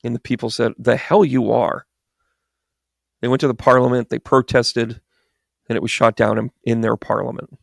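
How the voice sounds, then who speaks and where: A man's voice: medium pitch, level tone, brisk, vocal fry, no room sound, clean studio sound. A man giving a rambling, exasperated political commentary monologue with sarcastic asides. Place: New York.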